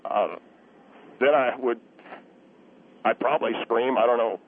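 A man's voice: medium pitch, a little slow, vocal fry. A man calling in to a radio show, defensive and stammering. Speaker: caller. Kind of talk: call-in conversation. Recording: tinny phone line.

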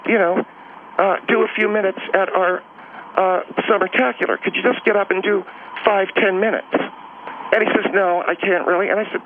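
A man's voice: high voice, steady tone, brisk. A man calling in to a radio show, telling a story in a rambling, repetitive, showbiz-eager way. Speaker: phone guest. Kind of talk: casual storytelling. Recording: tinny phone line with faint noise.

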